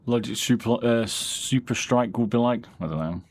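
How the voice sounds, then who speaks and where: A man chatting casually on a live stream, rambling in a relaxed way as he answers questions from chat. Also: mid-range voice, moderate pace, a little hiss or hum. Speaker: streamer and mouse modder. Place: home, during a live stream.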